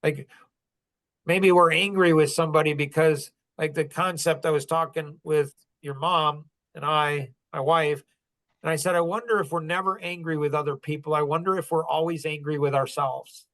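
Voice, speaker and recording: A man's voice: fairly high pitch, steady tone, moderate pace, a bit bright. Earnest man in his sixties, rambling. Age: 60s. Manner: earnest, rambling, heavy use of "like". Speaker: podcast host. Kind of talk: casual reflective storytelling.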